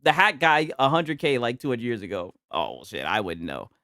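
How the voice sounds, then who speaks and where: A man's voice: mid-range voice, expressive, normal speed, sharp tone, no room sound, studio quality. A man hosting a casual gaming news stream, talking loosely and profanely and laughing often as he reacts to posts. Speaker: livestream host.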